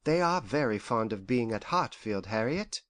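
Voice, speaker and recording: An actor playing a gentle, anxious elderly father who frets and complains softly in an audiobook. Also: mid-range voice, expressive, normal speed, dry recording, studio quality, natural voice. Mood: fretful. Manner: worried, lingering, softly complaining. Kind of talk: audiobook character voice.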